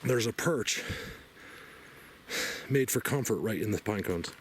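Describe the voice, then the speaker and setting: A man walking through a forest and talking to his camera, rambling and excitable with lots of fillers, a bit out of breath. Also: fairly low pitch, unhurried. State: slightly out of breath. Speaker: outdoor video blogger. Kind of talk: casual walking commentary. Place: outdoors in a forest. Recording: noisy outdoor field recording.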